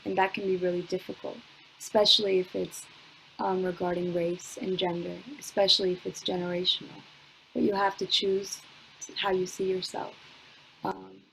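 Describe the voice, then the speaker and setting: A young adult woman reading her own spoken word poetry at a measured pace with long pauses, chatting with fillers between poems, over a computer mic from home. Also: fairly low pitch, creaky, a little hiss or hum, low-quality recording. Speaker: poet. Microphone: computer mic on a video call.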